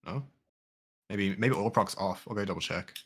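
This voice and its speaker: A man's voice: sits low, normal speed, a bit bright, breathy edge. A man in casual voice chat with friends while gaming, thinking aloud and swearing now and then. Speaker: game player.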